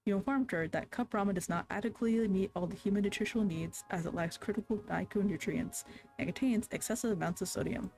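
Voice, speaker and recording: A streamer reading a story game's narration aloud in a measured, even way, with small self-corrections. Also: mid-range voice, vocal fry, soft background music.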